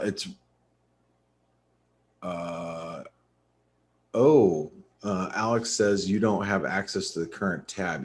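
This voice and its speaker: Walking viewers through a screen share on a live trading webinar, a tired host yawns and rambles with plenty of fillers and false starts. He has a low-pitched, slightly rough voice.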